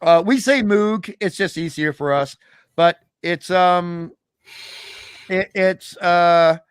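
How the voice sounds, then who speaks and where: A man hosting a casual chat, musing at length with drawn-out asides. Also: sits high, smooth, no echo, clean studio sound. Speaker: podcast host.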